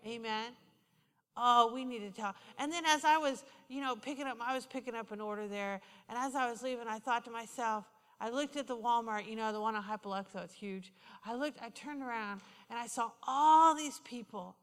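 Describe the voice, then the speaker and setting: Bright high-voiced woman preaching a sermon. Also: brisk. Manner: passionate storytelling preacher, swings from loud to hushed. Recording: hall reverb.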